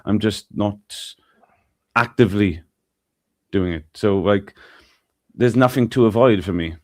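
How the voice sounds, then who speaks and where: A man's voice: on the low side, a little slow, a little mellow, no echo, studio quality. A man on a panel, arguing in casual debate with many stammered restarts. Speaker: panel guest.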